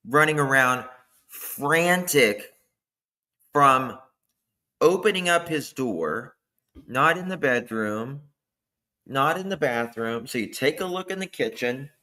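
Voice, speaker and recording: A man hosting a livestream, chatting casually, thanking viewers by name and commenting with animated asides. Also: on the high side, takes it slowly, pauses often. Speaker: livestream host. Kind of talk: casual true-crime commentary chat.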